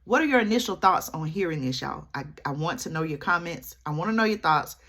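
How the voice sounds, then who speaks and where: A woman's voice: on the low side, lively intonation, a little fast, fairly bright tone. A woman, commenting to camera and keeping up a running chat with her viewers, checking in with them often. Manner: chatty, keeps addressing viewers with "y'all" and "okay?". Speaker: vlogger.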